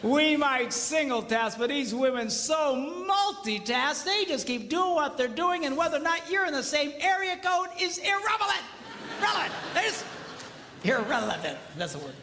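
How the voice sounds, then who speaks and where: A man in his fifties, a pastor, telling comic marriage stories to an audience and shouting his punchlines. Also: extremely high pitch, moderate pace, hardly any pauses, slight background noise. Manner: animated storyteller, shouts punchlines. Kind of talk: comedic marriage seminar talk. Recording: echoey hall with faint background.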